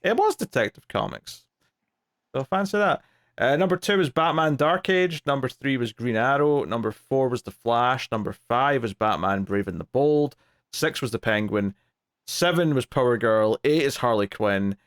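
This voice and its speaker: A man chatting casually as a podcast co-host. He is dry and blunt and slips into mock outrage. His voice sits at a middling pitch for a man. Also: normal speed, fairly bright tone. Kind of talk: casual chat.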